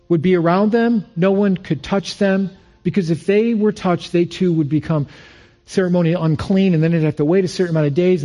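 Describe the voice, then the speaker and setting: Husky-voiced pastor preaching earnestly. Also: male voice, high-pitched, dark tone. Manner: earnest, storytelling preaching with repeated phrases. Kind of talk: sermon.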